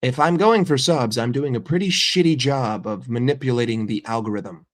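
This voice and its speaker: An American man rants on a live stream about his football club. He swears freely and answers critics with heated sarcasm, in a middle-pitched voice. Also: moderate pace. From United States. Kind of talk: profane live-stream rant.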